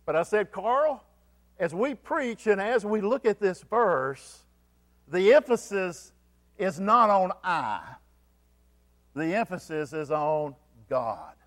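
A man's voice: high-pitched, animated, takes it slowly. A man preaching a sermon as pastor, asking the congregation questions and repeating key phrases for emphasis. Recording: long hall reverb.

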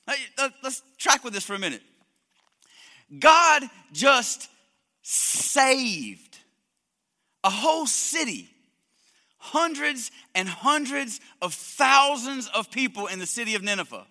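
A man preaching a sermon in an emphatic, animated way, stumbling and repeating words as he builds his points, in a church hall. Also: high-pitched, unhurried. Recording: echoey hall reverb.

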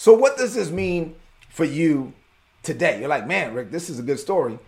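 A man preaching a sermon, retelling a story with lively slang and acted-out voices. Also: on the high side, normal speed, a little hiss or hum. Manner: animated storytelling, acts out voices, conversational slang. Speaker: pastor.

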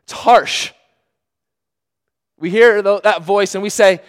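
A man's voice: high-pitched, animated, normal speed, long pauses. Earnest preacher man with a light voice. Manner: earnest, swings from hushed to emphatic. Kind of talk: sermon.

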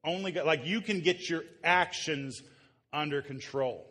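A man's voice: on the high side, a little slow, pushed and bright, long reverb tail. A man preaching a conversational sermon to a live congregation in a church. He is a pastor who jokes casually with the room and often restarts his sentences. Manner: casual, joking, with frequent restarts.

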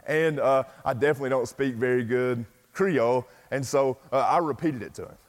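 A man's voice: mid-range voice, a little fast. A middle-aged man, a pastor telling a self-deprecating story in a folksy sermon with plenty of fillers. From East Tennessee, US. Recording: long reverb from a large hall.

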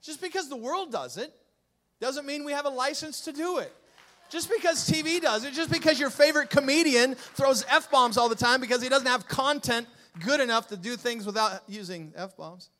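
A male pastor preaching a sermon, joking with the congregation and swinging from low asides to loud, emphatic lines. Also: expressive, moderate pace.

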